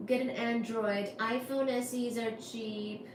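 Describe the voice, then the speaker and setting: A woman's voice: fairly high pitch, little pitch movement. A woman hosting a casual livestream, reading chat comments in a playful, laughing way. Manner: playful, laughs often, soft and drawn-out. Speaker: livestream host. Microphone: iPad. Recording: roomy echo with faint background noise.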